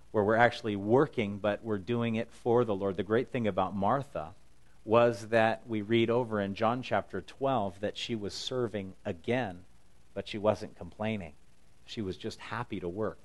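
A middle-aged man preaching a sermon in an earnest, conversational way, paraphrasing scripture in his own words. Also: lowish voice. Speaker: pastor.

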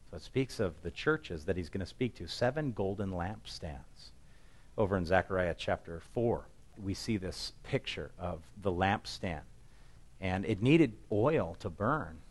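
A man preaching an expository sermon in a conversational way, swinging between loud emphatic passages and quiet, low asides. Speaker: pastor.

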